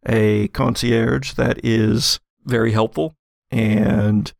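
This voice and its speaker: A man narrating as game master in an actual-play show, laid-back and halting with fillers. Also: lowish voice, steady tone, gravelly, no echo, clean studio sound.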